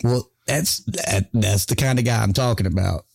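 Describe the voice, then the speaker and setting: A man's voice: lowish voice, normal speed, gravelly, a little mellow, husky. A man hosting a casual podcast chat. He laughs often, swears freely and tells stories with lots of animation. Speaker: podcast host.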